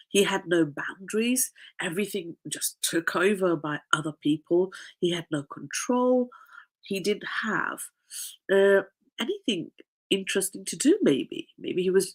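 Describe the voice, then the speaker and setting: Congested nasal lady coach rambling on a podcast, husky voice, pitch bouncing all over. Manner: rambling, chatty, laughs often. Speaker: life coach. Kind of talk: casual podcast chat.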